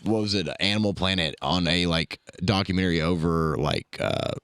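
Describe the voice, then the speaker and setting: A man in a band, throwing in quick deadpan jokes during a casual interview. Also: low voice, clean tone, dry recording. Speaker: band member and guest.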